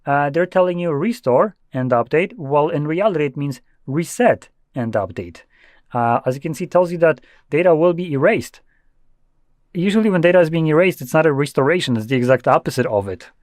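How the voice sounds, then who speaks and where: A man's voice: a little high, lively intonation, a little fast, a little mellow, dry recording, clean studio sound. A young man giving a loose, offhand tech tutorial with blunt asides. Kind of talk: casual screen-recorded tutorial.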